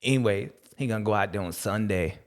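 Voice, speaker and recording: A man's voice: on the low side, quick pace, lightly acted. A man voicing a broke, lazy male caddy who complains in rambling street slang. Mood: grumbling.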